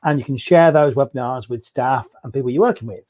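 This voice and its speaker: A man hosting an online teaching webinar, introducing his guest in a relaxed, informal way over a video call. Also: mid-range voice, fairly quick. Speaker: webinar host.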